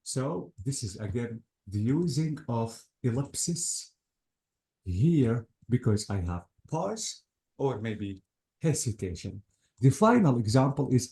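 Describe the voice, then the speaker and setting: Male teacher, mellow voice, patient, explains punctuation step by step, checks in with the student. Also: fairly low pitch, animated, a little slow. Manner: patient, repeats points and checks understanding. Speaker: English teacher. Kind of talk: classroom grammar lesson.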